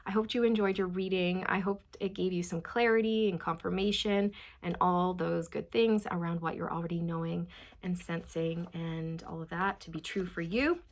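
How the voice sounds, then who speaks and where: A woman's voice: fairly low pitch, fairly even intonation. A woman giving a channeled tarot reading to her viewers, gushing and emotional, often checking in with "okay?" and "you guys". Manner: reads quotes slowly and softly. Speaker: tarot reader.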